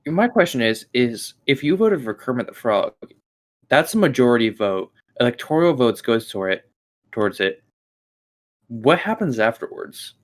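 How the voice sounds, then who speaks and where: Man, co-host, casual chat, blunt teasing jabs, mid-pitched voice. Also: very animated, moderate pace. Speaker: podcast co-host. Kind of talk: casual gaming-friends chat.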